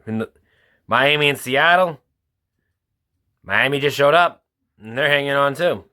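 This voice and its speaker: A man hosting his own football picks show, talking through results and picks in an informal, halting way. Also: medium pitch, pushed and bright. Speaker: sports picks host. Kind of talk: casual football picks commentary.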